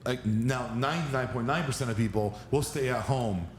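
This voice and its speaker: A man's voice: medium pitch, normal speed, reverberant, a little hiss or hum. A man hosting a podcast, earnestly asking prepared interview questions. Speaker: podcast host.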